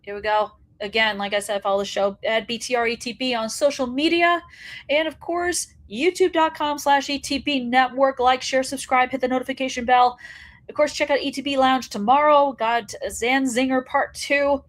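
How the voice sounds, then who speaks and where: A woman's voice: high-pitched, fairly even intonation, normal speed. A woman hosting a wrestling commentary show, ranting bluntly and profanely, fired up.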